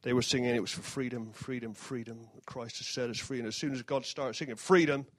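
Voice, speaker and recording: A man's voice: mid-range voice, fairly even intonation, brisk, no echo. A man giving an informal sermon, mixing scripture with jokey asides and self-deprecating humor. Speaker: preacher.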